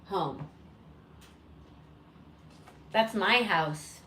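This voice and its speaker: A woman's voice: a little slow, long pauses, fairly bright tone, slight background noise, rough recording. A woman who hosts a pet bird channel, chatting casually at home and cooing at her birds. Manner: chatty, rambling, coos at her birds in a high sing-song voice. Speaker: parrot owner and channel host. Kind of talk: casual home vlog chat.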